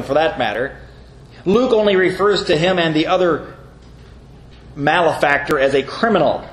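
A man delivering a sermon from the pulpit, earnest and explanatory as he works through a scripture passage. His voice sits a little high for a man. The recording carries a roomy echo with faint ambience behind it. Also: slight background noise. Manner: earnest, reads scripture aloud with brief mocking voices. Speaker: pastor. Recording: echoey room with faint ambience.

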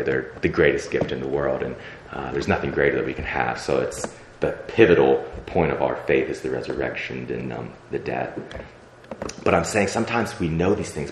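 Young guy pastor with a super deep low voice, chatty sermon full of ums, echoey church room. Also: slight background noise. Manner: conversational, with many fillers and acted-out prayers. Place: church sanctuary. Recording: echoey church hall, faint ambience.

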